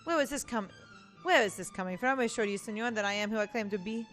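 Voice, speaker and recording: A woman's voice: medium pitch, quick pace, a bit bright, soft background music, natural voice. A woman voicing a scheming male prisoner who fakes a foreign prince, theatrical and evasive, with a put-on accent. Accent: put-on Spanish then French.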